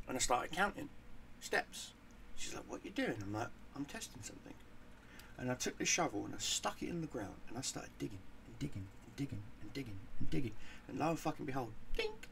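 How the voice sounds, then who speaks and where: A man's voice: mid-range voice, gravelly, a bit bright, slight background noise. A man hosting a gaming channel, telling a casual story in a profane, rambling way and repeating words as he goes.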